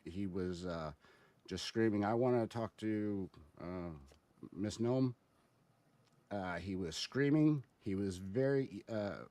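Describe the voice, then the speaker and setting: A man giving casual spoken commentary as a guest, halting and explanatory, with many fillers and restarts. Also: lowish voice, darkish tone, no room sound.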